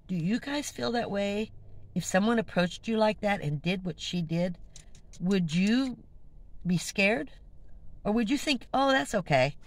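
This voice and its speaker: A woman who lives in a van talks to her viewers about something that happened to her. Her voice rises and falls in a lively way, and she sounds indignant and animated. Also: medium pitch, no echo, low-quality recording. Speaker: van-dwelling vlogger. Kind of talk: casual storytelling to camera.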